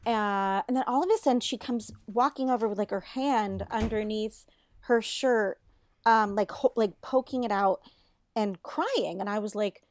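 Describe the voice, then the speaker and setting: A woman in her thirties, co-hosting a podcast, telling a story in casual chat, animated, swearing freely and laughing often. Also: medium pitch, moderate pace, no room sound. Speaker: podcast co-host.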